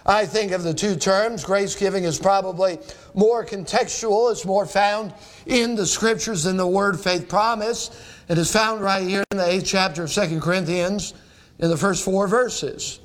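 A middle-aged man preaches a sermon in a noticeably high voice. He reads scripture aloud and throws rhetorical questions at his listeners as he goes. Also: fairly even intonation, normal speed. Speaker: pastor.

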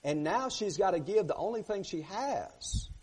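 A man's voice: high voice, normal speed, slightly rough. A man preaching a sermon, reading scripture aloud and asking his listeners questions. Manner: animated, asks the congregation questions, reads scripture aloud.

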